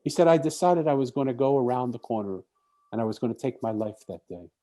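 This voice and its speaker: A man's voice: medium pitch, animated, quick pace, dark tone. A man giving an inspirational talk at a conference, telling a story and acting out what the people in it said. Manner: storytelling, acts out quoted speech. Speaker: speaker.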